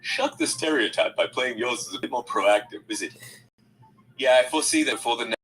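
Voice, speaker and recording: A man's voice: medium pitch, expressive, brisk, poor audio. A man performing comedy sketches with a playful, jokey delivery. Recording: loud music under the voice.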